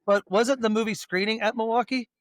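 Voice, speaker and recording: A man's voice: high voice, fairly even intonation, fairly quick, no room sound, clean studio sound. A man hosting a horror podcast, chatting casually and joking around in a rambling way. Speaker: podcast host.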